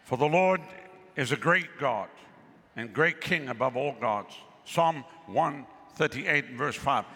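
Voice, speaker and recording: A male pastor preaches with a gravelly, bright, forceful voice set a little high, exclaiming and calling out to his crowd for answers. His sermon rings with a long reverb, and faint ambient noise sits underneath. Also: animated, slow. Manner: exclamatory, calls to the crowd for responses. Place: outdoor pavilion with a crowd.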